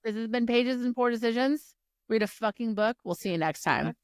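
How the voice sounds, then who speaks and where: A woman's voice: fairly high pitch, fairly quick, clear, resonant tone. A woman co-hosting a book podcast, chatting emphatically and wrapping up the episode. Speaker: podcast co-host. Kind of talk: casual book-club chat.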